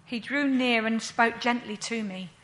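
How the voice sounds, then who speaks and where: A woman playing a grieving widowed mother, telling her story in a slow, earnest first-person monologue. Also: a little high, fairly bright tone. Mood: sorrowful.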